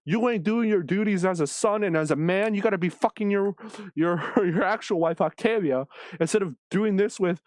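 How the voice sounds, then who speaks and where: A man's voice: high-pitched, normal speed, dry recording, pitched above the performer's own voice, lightly acted. A man voicing a scheming, bossy mother who talks in blunt slang.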